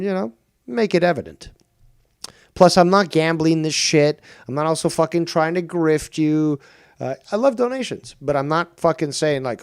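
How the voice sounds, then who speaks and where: A man's voice: a little high, a little mellow, no echo, studio quality. A middle-aged man hosting a live stream, ranting with lots of swearing and mocking others in whiny put-on quotes. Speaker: streamer and show host.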